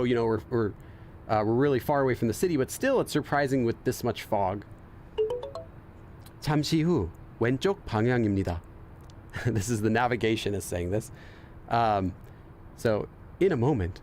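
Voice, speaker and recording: A let's play host who is learning Korean reads on-screen game text aloud in a mid-range voice, translating it and thinking aloud with many fillers and restarts. A little hiss or hum sits in the background.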